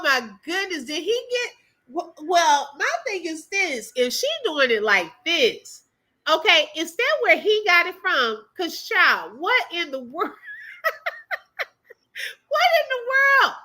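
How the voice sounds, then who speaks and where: A woman's voice: extremely high pitch, very animated, takes it slowly, sharp tone, low-quality recording. A woman hosting a reaction channel, reacting to clips in casual commentary, laughing often and exclaiming in drawling slang asides.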